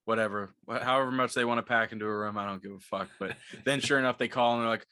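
A man's voice: medium pitch, steady tone, very fast, pushed and bright, no room sound, clean studio sound. A man co-hosting a podcast in casual chat, rambling through stories with a lot of swearing and laughter. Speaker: podcast co-host.

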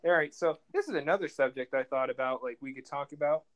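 A man's voice: fairly high pitch, fast, fairly bright tone, poor audio. A young man co-hosting a casual podcast chat, rambling and laughing often. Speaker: podcast co-host.

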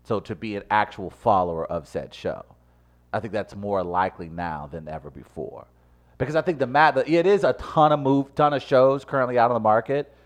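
A man with a very low voice co-hosts a casual chat, pressing his argument with growing animation. He speeds up when a point excites him and reels off lists in a steady run. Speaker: podcast co-host.

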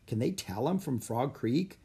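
Young boy, curious, puzzled, questioning thoughts, husky storybook voice, as the narrator reads him. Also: mid-range voice, expressive, measured pace, mellow, full character voice. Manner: wondering, questioning inner thoughts.

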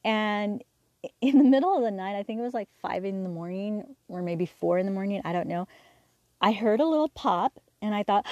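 A woman hosting a podcast, telling a personal story candidly, halting with fillers and restarts and acting out the dialogue. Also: mid-range voice, a little mellow, no room sound, dull audio. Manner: acts out quoted dialogue. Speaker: podcast host.

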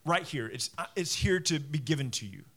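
A man preaching to his church in a slightly raised voice. He talks conversationally, acting out what people say and tripping over his restarts. His pitch swings up and down as the sermon goes on. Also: fairly quick, breathy edge. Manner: conversational preaching with animated acted-out quotes and restarts. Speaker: pastor.

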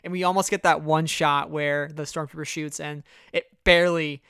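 A podcast co-host talks through a fan recap in an animated, rambling way, leaning on "you know" and "like". The voice is smooth and clear at a middling pitch, and the sound is close and dry. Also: normal speed, no room sound. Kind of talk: casual fan recap chat.

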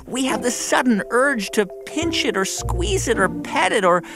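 A man's voice: very high-pitched, sing-song, normal speed, vocal fry. A man co-hosting a playful kids' science podcast with curious, eager questions. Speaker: co-host. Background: music.

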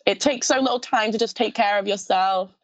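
With no room sound, a young woman from Scotland speaks briskly in a mid-range voice during a casual interview as a pageant contestant. The young adult has a mild lisp and is chatty and giggly, with lots of restarts.

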